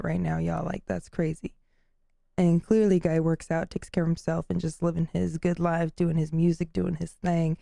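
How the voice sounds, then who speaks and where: Low gravelly-voiced bubbly woman co-host. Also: little pitch movement, moderate pace, mellow, no room sound, clean studio sound. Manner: bubbly, laughs often, gushing. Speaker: podcast co-host. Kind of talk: casual podcast chat.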